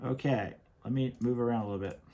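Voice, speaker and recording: A man's voice: mid-range voice, quick pace, over loud music. A man hosting a commentary show, talking in an emphatic, stern way and often repeating himself. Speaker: host reviewing worship music. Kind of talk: opinionated commentary.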